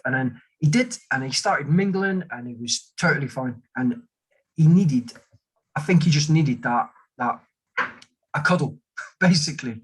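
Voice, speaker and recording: A man's voice: a little high, expressive, measured pace, breathy edge, low-quality recording. A man, an army veteran, telling rambling stories in a casual conversation and acting out the voices of the people he quotes. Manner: rambling storyteller who acts out quoted voices.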